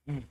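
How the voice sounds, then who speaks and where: A man from Britain with a British accent, chatting in a relaxed way while hosting a cycling live stream from an indoor trainer at home. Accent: British English. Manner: relaxed, chatty, thinking aloud with pauses. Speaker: cycling livestream host. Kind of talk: casual live-stream chat while riding.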